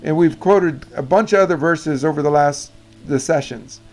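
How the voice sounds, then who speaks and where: A man giving an animated, emphatic Bible teaching on prayer, often correcting himself mid-sentence. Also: a little high, normal speed, faint music behind.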